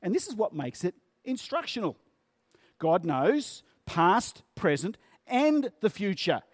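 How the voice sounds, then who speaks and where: A man preaching a sermon, speaking in a measured way and stretching key words for emphasis. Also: high-pitched, sing-song, breathy edge, no echo, clean studio sound.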